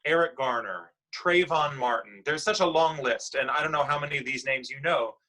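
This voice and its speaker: A man's voice: medium pitch, normal speed, pushed and bright, low-quality recording. A man leading a class discussion, patiently telling a news story to children and asking them guiding questions. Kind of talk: explaining current events to children.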